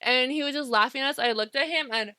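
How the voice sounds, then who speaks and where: A woman co-hosting a podcast in casual chat, lively and swearing freely as she acts out what people said. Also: high voice, quick pace, no room sound, clean studio sound. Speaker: podcast co-host.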